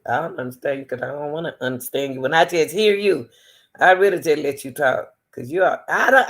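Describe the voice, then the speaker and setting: A woman in a low voice. She talks to camera as a channel host, playful and teasing, and often laughs and calls people baby and sweetie. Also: fairly bright tone. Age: 60s. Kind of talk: casual talk to camera.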